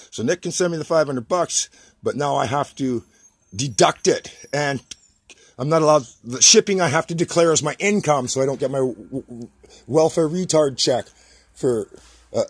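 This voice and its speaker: A man's voice: on the high side, breathy edge. A Canadian man ranting to the camera in his home workshop, agitated and rambling, often repeating himself. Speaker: vlogger.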